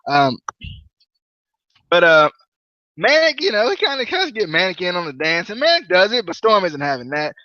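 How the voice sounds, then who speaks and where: A man hosting a podcast, chatting casually and jokily about a wrestling show in a rambling, animated way. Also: sits high, normal speed, pauses often, no echo, dull audio. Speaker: podcast host. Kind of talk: casual wrestling review chat.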